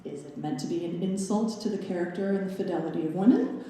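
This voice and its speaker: A woman's voice: fairly low pitch, fast, mellow. A young adult woman giving a graduate lecture recital, with wry, playful asides in a scholarly talk. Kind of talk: presented lecture with slide analysis. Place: recital hall. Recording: roomy recital hall reverb.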